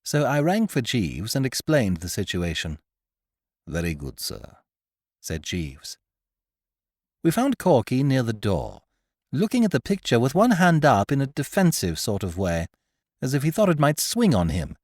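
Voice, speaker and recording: Lively male audiobook narrator, dry studio. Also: medium pitch, moderate pace, no echo. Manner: lively, expressive storytelling.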